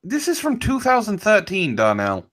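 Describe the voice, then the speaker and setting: A man hosting a casual online chat, reacting with open disbelief and pushing things along. His voice swings widely in pitch. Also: wildly swooping pitch, normal speed, a bit bright. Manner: reactive, incredulous.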